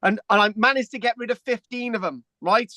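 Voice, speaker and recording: A man's voice: high voice, fairly quick, sharp tone, dry recording. Rambling chatty man, dry close sound. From England. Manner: rambling storyteller, repeats words and says "right?". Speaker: host. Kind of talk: casual chat.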